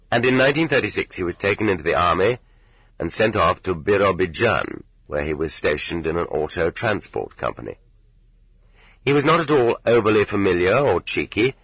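A man narrates an audiobook in a deep, slightly husky voice, reading in a measured, even way. The sound is dry and close, with no room around it. The tape is dull and lo-fi. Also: no room sound.

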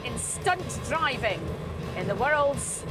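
A woman's voice: high voice, sing-song, slow pace, loud music behind the voice. A woman with a Glaswegian accent presenting on location in a car museum, chatty and jokey.

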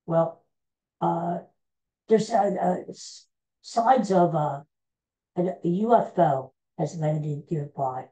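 A woman hosting a podcast, recapping old TV episodes in a casual, meandering, animated storytelling way. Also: on the low side, takes it slowly, long pauses, low-quality recording. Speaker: podcast host.

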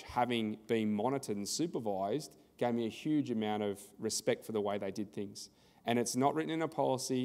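A man's voice: fairly low pitch, a little mellow, long reverb tail. An Australian man presenting a conference workshop in a conversational style, telling anecdotes and acting out the dialogue.

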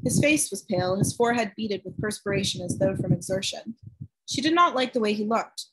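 A woman reading a novel aloud with steady, even storytelling. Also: medium pitch, brisk, husky, poor audio. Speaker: audiobook narrator.

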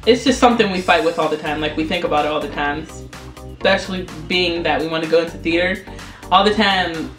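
Quick, halting young woman chatting. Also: on the low side, a bit bright. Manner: quick, halting, self-conscious talk. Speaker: vlogger. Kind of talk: casual chat. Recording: echoey room with faint music.

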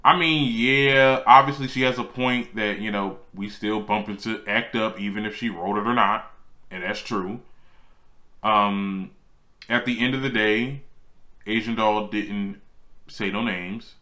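A man hosting his own celebrity gossip show, chatting casually and sassily, jumping up in pitch to make a point. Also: a little slow. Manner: animated and sassy, swings high for emphasis. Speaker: host.

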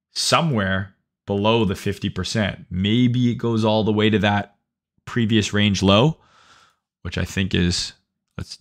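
Low-voiced casual man hosting a livestream. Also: fairly bright tone. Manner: conversational, profane, reads chat aloud, frequent "right?". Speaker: livestream host, trading educator.

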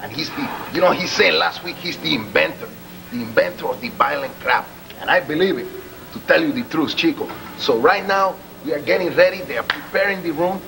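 A man's voice: on the high side, animated, brisk, creaky, over music, low-quality recording. A man wrestler in boastful, joking backstage banter.

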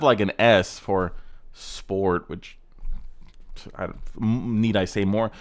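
A man's voice: on the low side, fairly even intonation, takes it slowly, pauses often. A man hosting a casual reaction video, ranting sarcastically and swearing as he mocks car clips. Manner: sarcastic, ranting, profane roasting.

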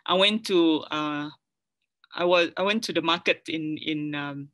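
Malaysian woman lecturer, halting, checking in. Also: low-pitched, a bit bright. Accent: Malaysian English. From Sarawak, Malaysia. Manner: frequent restarts and tag questions to the audience. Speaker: academic lecturer. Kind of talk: public lecture with slides.

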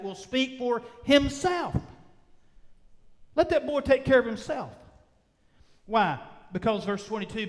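A male pastor preaching a sermon, with emphatic drawn-out phrases that swing between loud and soft. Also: very high voice. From United States. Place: church sanctuary. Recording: long reverb of a church sanctuary.

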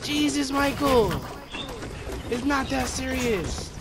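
Excitable high-voiced young man gaming. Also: takes it slowly. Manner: excitable, joking, swears, yells when excited. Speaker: gamer streaming with friends. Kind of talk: casual gameplay commentary. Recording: noisy game chat audio.

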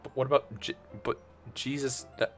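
A man's voice: mid-range voice, steady tone, moderate pace, fairly bright tone, faint music behind. A male streamer chatting casually and joking while playing a game, laughing often.

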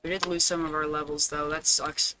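A man streaming a game live, talking casually to his chat, fretting aloud and now and then bursting into loud dramatic cries. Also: a little high, little pitch movement, brisk, soft background music.

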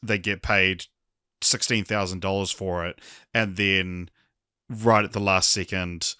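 A man's voice: sits low, steady tone, measured pace, sharp tone, smooth, dry recording, studio quality. A man co-hosting a film podcast, summarizing plots casually with hesitant fillers. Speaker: podcast co-host.

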